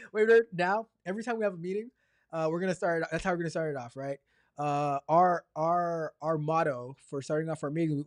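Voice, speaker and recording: A man hosting a casual livestream, chatty and energetic, rambling along and stumbling over repeated words. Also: a little high, no room sound, studio quality. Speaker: livestream host.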